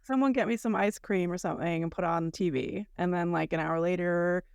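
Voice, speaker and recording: Animated low-voiced woman podcaster. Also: fairly quick, creaky, smooth, no room sound, clean studio sound. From United States. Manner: animated storyteller, acts out quoted lines. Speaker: podcast co-host. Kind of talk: casual podcast chat.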